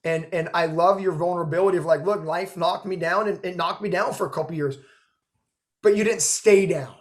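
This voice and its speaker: A man with a high voice hosts a video call interview. He gushes with praise, full of fillers and emphatic encouragement. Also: brisk. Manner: effusive, gushing, filler "like" and "girl". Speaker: host, notary trainer. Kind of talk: emotional interview chat.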